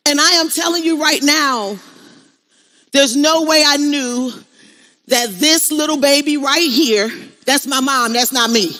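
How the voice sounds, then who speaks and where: A middle-aged woman gives a motivational speech on stage at an event, her voice high, bright and forceful at a measured pace. She is emphatic and preachy, repeating lines and calling out to the crowd.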